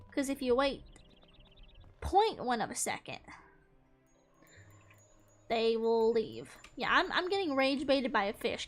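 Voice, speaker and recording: A young woman giving casual, playful gameplay commentary, mock-exasperated and talking to the fish on screen. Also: sits high. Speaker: gaming streamer.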